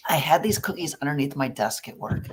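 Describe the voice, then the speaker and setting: Lower-voiced woman telling stories. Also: fairly quick, breathy edge. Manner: animated storyteller, acts out quoted voices. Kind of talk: casual conversational discussion.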